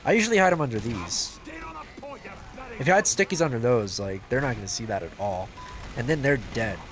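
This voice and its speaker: A man giving casual, excitable gameplay commentary as a video host, swearing and joking to himself. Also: mid-range voice, a little fast. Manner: excitable, yells and swears at the game; jokey self-talk.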